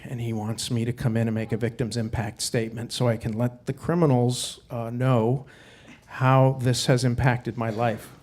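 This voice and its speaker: Male storyteller, middle-aged, self-mocking, drops quiet and low at painful moments; stage mic. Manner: wry, self-mocking, dropping low and quiet on hard parts. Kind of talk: live personal storytelling. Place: stage before a live audience. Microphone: stage microphone.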